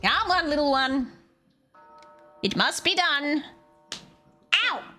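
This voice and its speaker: A woman's voice: sits high, expressive, slow pace, bright, forceful tone, faint music behind. A young woman streaming a game, grumbling aloud with sarcastic, heavily sworn commentary. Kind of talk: casual gameplay commentary.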